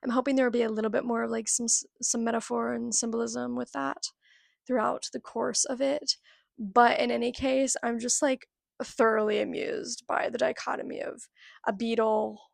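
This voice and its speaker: Gravelly, husky young woman chatting. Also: a little high, little pitch movement, normal speed, no echo, studio quality. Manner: chatty and giggly, lots of "like". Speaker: book vlogger. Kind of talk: casual chat.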